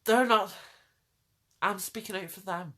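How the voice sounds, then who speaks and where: In a measured, mid-range voice with a fairly bright tone, a woman vlogger launches into an emotional direct-to-camera rant. She repeats phrases for emphasis and pleads with the people watching.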